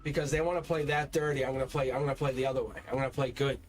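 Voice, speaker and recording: A man's voice: mid-range voice, fairly even intonation, rapid-fire, soft background music. A man giving a live-stream tarot reading, speaking straight to viewers in a rambling, repetitive way and swearing when he gets heated. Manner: rambling, repeats words and restarts. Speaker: tarot reader.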